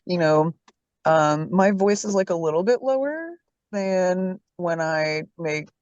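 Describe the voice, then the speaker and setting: A woman's voice: on the low side, expressive, a little mellow, no room sound. Gushing woman co-host, dull lo-fi sound. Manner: gushing, quick, goofy. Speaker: co-host interviewer. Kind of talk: casual interview chat. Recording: dull lo-fi mic.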